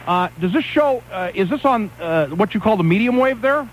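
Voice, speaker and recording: A man's voice: sits high, animated, moderate pace, a little hiss or hum, poor audio. A man hosting a talk radio show, ranting and rambling in casual banter. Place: radio studio.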